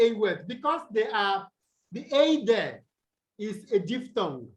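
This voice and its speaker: Slow, high-voiced man teaching online. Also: big pitch swings, muffled recording. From Nigeria. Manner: slow, deliberate, quizzes students. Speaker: English tutor. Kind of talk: online tutorial lesson. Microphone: video call.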